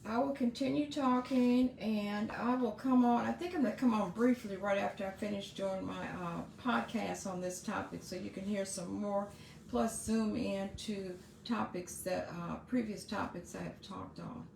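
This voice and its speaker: A woman's voice: medium pitch, steady tone, normal speed, vocal fry, a little mellow, echoey room, slight background noise. A middle-aged woman hosting her own podcast, giving casual, earnest advice to parents with frequent asides and restarts. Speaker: podcast host.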